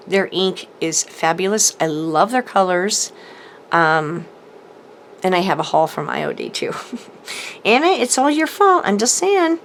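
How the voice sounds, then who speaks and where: A woman in her home craft room talks through her latest supply haul. Her voice sits a little low and she takes her time, full of ums and easygoing enthusiasm. There is a faint hum of room ambience behind her. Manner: chatty, enthusiastic, frequent ums and laughs. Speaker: crafting channel host. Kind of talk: casual haul video chat. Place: home craft room, showing products to camera.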